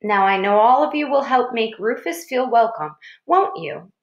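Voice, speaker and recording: A woman's voice: fairly high pitch, normal speed, lo-fi sound, lightly acted. A woman voicing a polite, firm schoolteacher addressing her class. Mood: coaxing. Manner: coaxing classroom tone. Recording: roomy echo.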